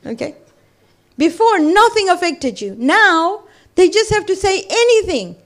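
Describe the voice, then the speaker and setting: A middle-aged woman giving a religious talk to a women's gathering, telling stories and asking the listeners direct questions. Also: very high voice. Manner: animated, addresses the audience directly with questions; recites scripture rapidly in Arabic. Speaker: female religious speaker at a ladies' gathering. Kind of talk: religious lecture with storytelling.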